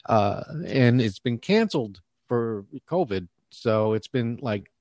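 A man's voice: medium pitch, expressive, slow, darkish tone, no room sound, clean studio sound. A man as a guest on a talk show, explaining things casually over a video call.

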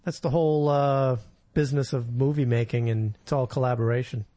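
A man appearing as a guest on a podcast in a small studio, talking casually in a halting way and repeating words as he works out his thoughts. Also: medium pitch, fairly even intonation, dark tone, dry recording. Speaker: guest, aspiring screenwriter. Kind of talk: casual chat.

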